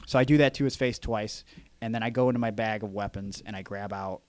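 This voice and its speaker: A man hosting a podcast, telling a wrestling story in animated casual chat and swearing freely. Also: on the low side, quick pace, clear, resonant tone, dry recording.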